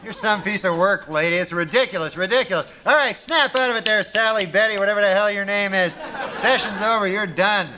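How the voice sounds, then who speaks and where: A man playing an offhand, crude male psychiatrist in a comedy sketch, talking in a mumbling deadpan with many hesitations. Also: sits high, brisk, some chatter behind.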